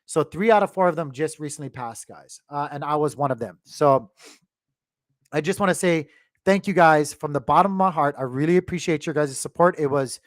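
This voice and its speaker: A man's voice: a little high, a little fast, no room sound, studio quality. A man hosting a crypto channel, talking casually to his viewers with many restarts and fillers, choked up with emotion.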